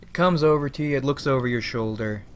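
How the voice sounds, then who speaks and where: A man's voice: mid-range voice, quick pace. A man giving a rambling, reflective monologue, casually swearing and calling his listeners "boys". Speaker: channel host.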